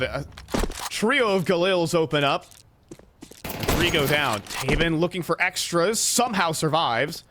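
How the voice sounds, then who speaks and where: A man calling a live esports match, his voice sitting a little high. He teases his co-caster between plays. Game clicks and gunfire stay clearly audible behind him. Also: lively intonation, measured pace, very noisy. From North America. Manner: playful, teasing banter. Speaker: esports commentator. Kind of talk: live play-by-play commentary.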